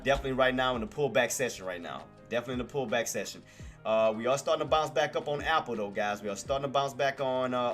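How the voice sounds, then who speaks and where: A man's voice: mid-range voice, a bit bright. A man hosting a live trading stream, hurriedly calling out price levels and repeating himself to chat. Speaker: stock trading livestream host. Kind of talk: live market commentary.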